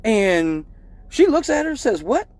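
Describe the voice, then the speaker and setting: Animated, profane man telling a story. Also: high voice, unhurried, no room sound. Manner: animated, profane, acts out voices in his story. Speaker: live show host. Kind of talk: casual storytelling to a live stream audience.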